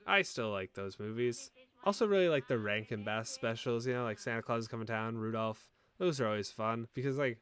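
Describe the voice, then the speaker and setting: A man's voice: medium pitch, a bit bright. A young man hosting a casual commentary video, rambling and joking with mock-indignant asides.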